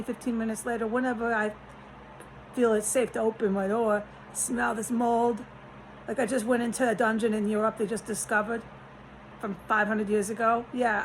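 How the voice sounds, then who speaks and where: A woman's voice: fairly high pitch, a little hiss or hum, low-quality recording. A woman vlogging from a rented room, talking in a rambling, frustrated way, cursing often and restarting her sentences. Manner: agitated, profane, trailing off and restarting.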